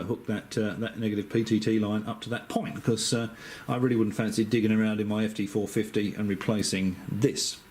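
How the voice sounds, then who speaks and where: A middle-aged man with an Australian accent, speaking a little on the low side, explains a circuit step by step. His delivery is easygoing and chatty, full of small hesitations and dry asides. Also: a little mellow, slight background noise. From Western Australia. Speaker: amateur radio operator. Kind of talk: casual technical explanation.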